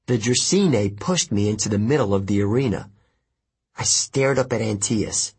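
A man narrating an adventure story in the first person, measured and expressive. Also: fairly low pitch, slightly rough. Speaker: audiobook narrator.

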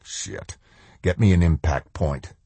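A man's voice: rumbling low, slow, a little mellow, breathy edge, no room sound, heavily acted. A man voicing a rigid, haunted army colonel who speaks in a clipped, subdued way. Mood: grim. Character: rigid haunted middle-aged male colonel.

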